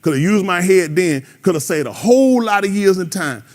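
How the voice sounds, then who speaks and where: Male radio talk host: high voice, very lively pitch, acts out every character and laughs as he tells stories and lectures. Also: fairly quick. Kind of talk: casual storytelling and advice to young listeners.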